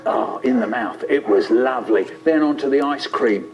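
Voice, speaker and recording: A man telling a childhood story in a playful, expressive way. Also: medium pitch, normal speed. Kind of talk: animated storytelling. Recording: lo-fi, muffled.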